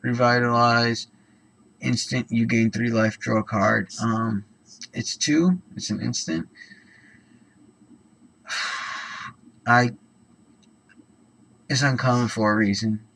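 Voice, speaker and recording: A man's voice: mid-range voice, fairly even intonation, slow, vocal fry, long pauses, fairly bright tone, poor audio. A man talking casually through cards one by one, rambling with lots of ums and self-corrections. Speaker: card-opening channel host. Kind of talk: casual card-by-card commentary.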